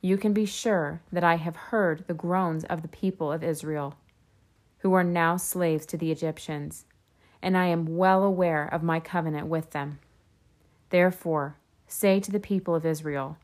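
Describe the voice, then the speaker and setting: A woman reading scripture aloud in a steady, measured way. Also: lowish voice. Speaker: scripture reader.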